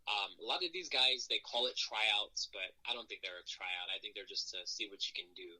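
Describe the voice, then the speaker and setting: Man, lowish bright voice, animated storyteller, interview guest. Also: brisk, low-quality recording. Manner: animated, acts out quotes in raised voices. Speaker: wrestler guest.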